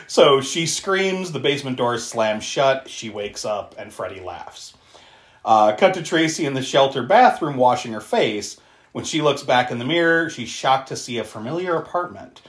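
A man's voice: medium pitch, animated, moderate pace. A man hosting a podcast, casually recapping a movie, chatty and swearing, laughing often between lines. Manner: chatty, laughs a lot, swears, many fillers. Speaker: podcast host. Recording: roomy echo.

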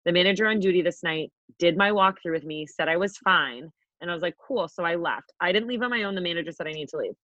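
A young woman co-hosting a podcast, telling a story in a brash, profane, animated way. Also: on the low side, quick pace, hardly any pauses, dry recording, lo-fi sound. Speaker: podcast co-host. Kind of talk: casual storytelling chat.

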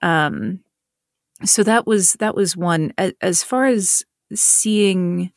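Thoughtful woman from North Carolina, lowish voice. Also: slow pace, no room sound, studio quality. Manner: thoughtful, with frequent restarts and repeated words. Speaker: author and audiobook narrator. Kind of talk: conversational interview.

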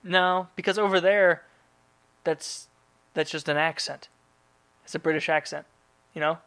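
A male podcast host rambles through listener mail in loose, profane casual chat. His voice is very bright and sits a little high. He loops back on his thoughts with a lot of filler. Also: fairly even intonation, measured pace, clear, resonant tone.

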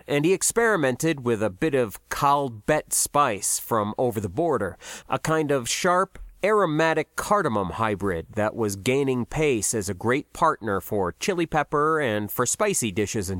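A man narrating a science fiction story in a measured, expressive way. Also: mid-range voice, no room sound, clean studio sound. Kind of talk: audiobook narration.

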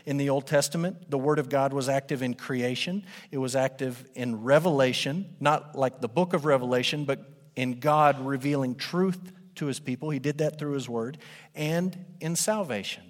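A man preaching a sermon as pastor, animated and conversational, speaking to a congregation in a church. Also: medium pitch, moderate pace. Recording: long hall reverb.

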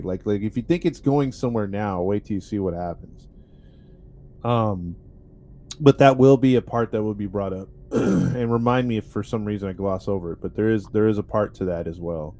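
A man's voice: lowish voice, warm tone. A man hosting a podcast, telling a story in a rambling, wry way with many fillers. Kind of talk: casual storytelling chat.

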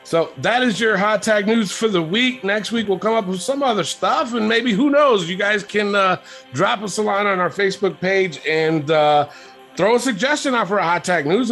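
A man co-hosting a casual podcast, reading out listener comments and chatting in an animated way. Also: high voice. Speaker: podcast co-host.

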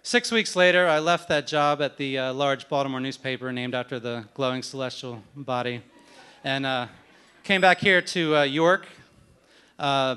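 A man's voice: mid-range voice, bright, forceful tone, clean tone. Wry man telling a story on stage. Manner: wry, self-deprecating, conversational. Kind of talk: live storytelling. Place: stage at a live story event.

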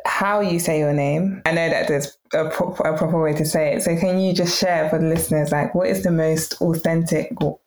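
Low-voiced British woman hosting a podcast. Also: fairly even intonation, moderate pace, hardly any pauses, darkish tone. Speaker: podcast host. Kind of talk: conversational interview.

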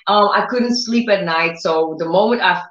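A woman giving an informal sermon in a lively, laughing way, searching for words and acting out quotes. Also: fairly low pitch, normal speed. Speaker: preacher. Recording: echoey, dull lo-fi room.

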